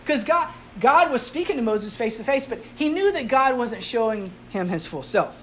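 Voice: mid-range voice, sing-song, normal speed, few pauses, fairly bright tone, slight background noise. A pastor giving a sermon to a congregation in a conversational way, asking the audience rhetorical questions and mixing in light humor.

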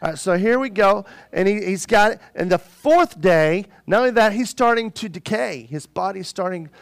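A man preaching a sermon as a pastor, telling the story in an animated, joking way. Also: high-pitched, moderate pace, vocal fry, clean tone.

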